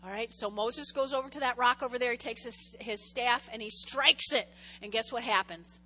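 A woman with a high, lively voice teaches a Bible story from the pulpit. Her tone is bright and sharp. She talks informally, swings between soft asides and loud exclamations, and keeps the story moving. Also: moderate pace. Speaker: preacher. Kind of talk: casual Bible-teaching sermon.

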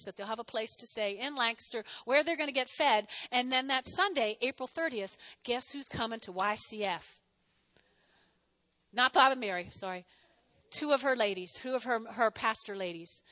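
High bright-voiced fast-talking woman pastor. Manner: chatty, self-mocking, animated preaching. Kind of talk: sermon and offering appeal.

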